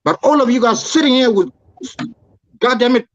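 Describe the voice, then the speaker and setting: A man's voice: very high voice, normal speed, lo-fi sound. A man calling in to a talk show, speaking in a heated, preachy, repetitive way. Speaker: caller. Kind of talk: impassioned call-in rant.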